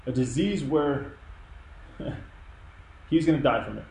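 A man's voice: mid-range voice, expressive, takes it slowly, vocal fry, a little mellow, roomy sound, rough recording. A man preaching a sermon, earnest and emphatic in a conversational way. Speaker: pastor. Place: church.

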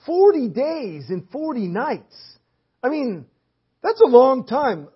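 A man with a high, husky voice preaches in church, a little hoarse and clearing his throat. He builds earnest emphasis through repeated rhetorical questions. The dull, lo-fi recording takes the edge off his voice. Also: very animated, takes it slowly. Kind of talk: sermon with Bible reading. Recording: dull lo-fi audio.

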